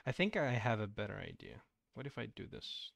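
A man's voice: fairly low pitch, huge pitch swings, brisk, gravelly, fairly bright tone, no echo, clean studio sound. A young man streaming a game and chatting casually, playful and teasing. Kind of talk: casual gaming stream chat.

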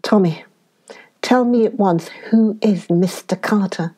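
A woman voicing a lively, impulsive young woman adventurer who is quick to exclaim, in a storybook reading. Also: medium pitch, natural voice. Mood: excited.

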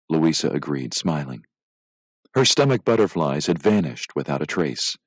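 A male teacher reading a children's story aloud with expressive storytelling. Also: a bass voice, normal speed, breathy edge, dry recording, low-quality recording.

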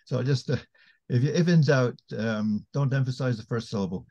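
A man chimes in during an online Q&A with a dark, mellow voice. The sound is dull and muffled like a video call, and his manner is chatty and friendly as he corrects details. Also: mid-range voice, moderate pace. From Scotland. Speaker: audience member. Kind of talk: casual comment in a Q&A.

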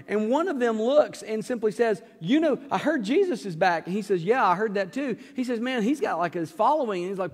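Male pastor, high voice, acts out bits of the story, church hall echo. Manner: animated storytelling, acting out characters with asides and laughs. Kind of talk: sermon. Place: church sanctuary. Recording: long hall reverb.

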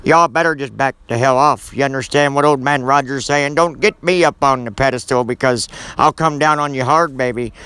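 A man voicing a blunt, cantankerous old man who talks gruffly and folksily, with mild cussing. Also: mid-range voice, moderate pace, few pauses, sharp tone, pitched below the performer's own voice, lightly acted. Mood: blustering.

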